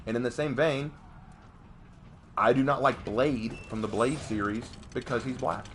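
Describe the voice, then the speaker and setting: A young adult man ranting on a live stream in a casual, emphatic way, jumping up in pitch during heated outbursts. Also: measured pace, slight background noise. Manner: animated, emphatic, voice jumps high in outbursts. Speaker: streamer and commentator.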